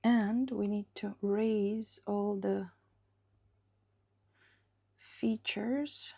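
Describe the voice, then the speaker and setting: A woman illustrator talks through her live drawing session in a slow, unhurried way. She thinks aloud and keeps slipping into a soft half-whisper as she sketches. Her voice has a gravelly, husky grain. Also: mid-range voice, steady tone.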